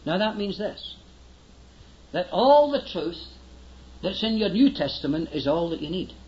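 A man's voice: high voice, sing-song, measured pace, darkish tone, dull audio. An older man preaching a sermon in an earnest, emphatic way, often urging his listeners to listen closely.

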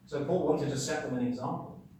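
A man preaching a sermon. He talks emphatically, asks rhetorical questions and swings between loud and quiet. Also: mid-range voice, a little fast, far from the mic, slight background noise. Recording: very echoey hall, speaker away from the mic.

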